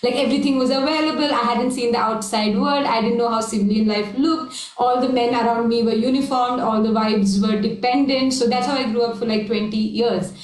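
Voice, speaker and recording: A woman from South India, an improv performer on a panel, telling her life story in a brisk way. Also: a little high, fairly even intonation. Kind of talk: panel discussion. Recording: echoey room.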